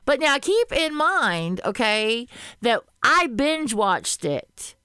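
A woman's voice: fairly high pitch, big pitch swings, takes it slowly, pushed and bright, clear, resonant tone, dry recording, studio quality. A woman from Arkansas with a Southern accent, co-hosting a casual podcast chat, rambling and laughing often. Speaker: podcast co-host.

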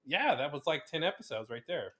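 Joking around as a podcast co-host, a man trades puns and pokes fun at himself in easy chat. His voice is a little high, sing-song and sharp-toned.

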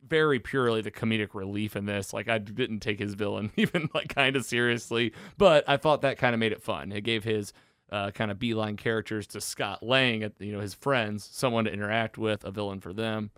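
A man's voice: on the low side, fairly quick, a bit bright, clean tone, no echo. Man, podcast host, enthusiastic, rambling, dry close sound. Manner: enthusiastic, rambling with fillers and restarts. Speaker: podcast host reviewing a film. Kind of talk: casual chat, recapping a movie.

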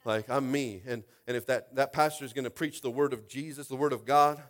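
A male pastor preaching a lively sermon, swinging between quiet asides and loud shouted exhortations, repeating lines and asking the congregation if they are with him. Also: mid-range voice, fairly quick. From United States.

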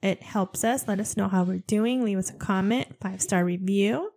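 A young woman co-hosting a podcast in casual chat, giggly and animated, laughing often. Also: mid-range voice, normal speed, creaky. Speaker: podcast co-host.

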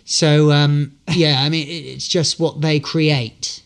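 A man's voice: fairly high pitch, little pitch movement, slow pace. A man telling a long anecdote as a podcast guest, full of fillers and restarts. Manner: rambling storyteller, many fillers and restarts. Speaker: guest, street performer.

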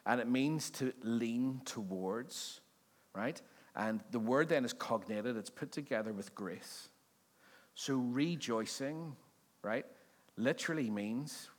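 A male pastor preaching a sermon in a conversational, joking way, often asking the congregation questions. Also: medium pitch. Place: church service before a congregation.

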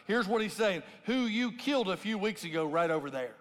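In a big church auditorium full of congregants, a man who is lead pastor delivers a chatty sermon, frequently tagging on "right?" and dramatizing scripture loudly. He has a high-pitched, expressive, fairly bright voice and keeps a moderate pace, with long hall reverb from the large space.

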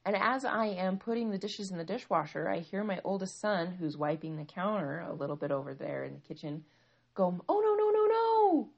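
A woman's voice: on the low side, brisk, creaky, few pauses, breathy edge, lo-fi sound. A woman in her thirties, a mother, telling a personal family story in a conversational, reflective way with frequent fillers. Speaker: mother of young children.

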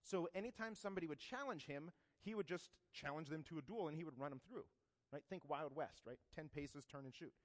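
A man's voice: a little high, expressive, brisk. Chatty man in an echoing hall. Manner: conversational, frequent "right?" asides and joking comparisons. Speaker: speaker teaching about a saint. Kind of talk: casual storytelling talk. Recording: long reverb of a hall.

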